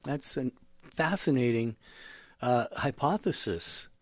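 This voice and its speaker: A man co-hosting a talk radio show, asking a caller measured, curious questions. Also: medium pitch, expressive, a bit bright, dry recording, clean studio sound. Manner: measured, inquisitive. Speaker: radio co-host.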